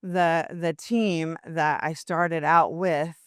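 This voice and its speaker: An older woman, a podcast guest, chatting casually and telling animated stories, acting out other people's voices and laughing often. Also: deep voice, slow, smooth, no room sound, clean studio sound. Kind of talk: casual interview talk.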